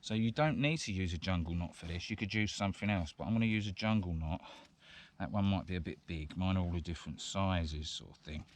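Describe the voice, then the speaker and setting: A man's voice: sits low, brisk. A man, a vlogger chatting casually and rambling a little as he demonstrates bushcraft in the woods. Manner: rambling and chatty, with frequent chuckles. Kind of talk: casual outdoor chat and demonstration. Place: woodland outdoors. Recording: outdoor background noise.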